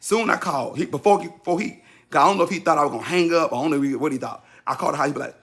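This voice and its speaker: Racing through a personal story, a man in his fifties speaks casually and directly to his audience. He repeats himself for effect and stays animated, his voice springing high and loud each time he performs a quote.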